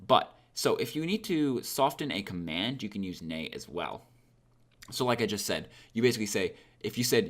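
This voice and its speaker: A man's voice: on the low side, big pitch swings, brisk. A young man explaining a grammar point in a casual, conversational lesson, acting out short example lines. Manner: conversational, many fillers, acts out example lines. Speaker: language teacher.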